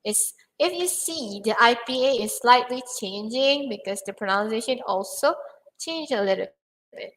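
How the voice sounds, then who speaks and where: A woman's voice: a little high, animated, moderate pace, fairly bright tone, low-quality recording. A young woman teaching English pronunciation in an online lesson, patiently repeating words for learners.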